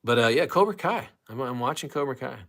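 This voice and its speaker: Nefesi kesilmiş, geveze yaşlıca adam. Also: male voice, mid-range voice, animated, brisk, a bit bright. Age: older. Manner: rambling, jokey, talks to chat. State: out of breath. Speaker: livestream host. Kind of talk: casual livestream chat.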